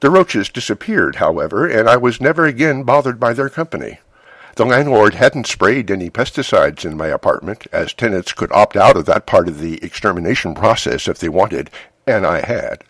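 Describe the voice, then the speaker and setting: A middle-aged man narrating a first-person memoir in a calm, wry, measured way. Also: lowish voice, dry recording.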